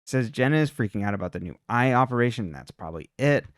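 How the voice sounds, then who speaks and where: Smooth-voiced man in casual podcast chat. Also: medium pitch, animated, quick pace, no echo, studio quality. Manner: loose and chatty, full of "like" and "um" fillers. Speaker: podcast co-host recapping episodes.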